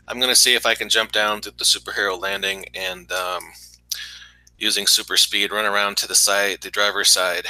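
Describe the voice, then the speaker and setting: A man's voice: fairly low pitch, bright, forceful tone, no room sound, low-quality recording. A man playing a tabletop game who plans his moves aloud step by step, with hesitant fillers. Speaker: player.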